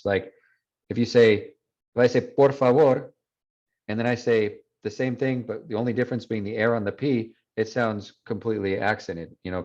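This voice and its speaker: A man's voice: on the low side, darkish tone. A man teaching a Spanish class online, explaining patiently and mixing English with Spanish. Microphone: video call. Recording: dull lo-fi video call audio.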